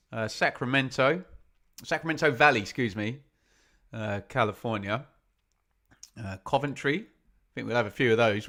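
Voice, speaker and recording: A man hosts a live football watch-along stream, reading out where his viewers are watching from. He talks in a chatty, self-deprecating way, and his voice sits at a middling pitch. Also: sharp tone. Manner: chatty, self-deprecating, reads out chat messages.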